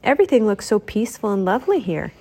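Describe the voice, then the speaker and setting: Mickey, a woman doing a bright cheerful mouse. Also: very animated, fast. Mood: puzzled. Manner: eager, friendly, raised pitch. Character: cheerful kind young male mouse.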